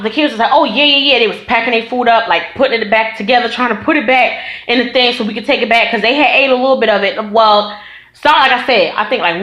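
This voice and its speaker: A woman tells a story in a casual vlog, animated and laughing, with plenty of swearing. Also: a little high. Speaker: vlogger telling a story. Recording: echoey room.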